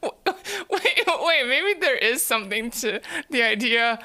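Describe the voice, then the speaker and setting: A woman's voice: sits high, lively intonation, slow pace, bright, forceful tone. A woman streamer chatting casually with her viewers, giggling often and repeating words as she thinks. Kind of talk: casual live-stream chat.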